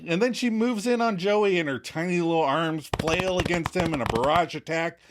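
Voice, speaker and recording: A man co-hosting a podcast, retelling a TV episode in a casual, animated way and chuckling as he goes. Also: fairly high pitch, moderate pace, background noise. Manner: animated storytelling, chuckles between lines. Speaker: podcast co-host.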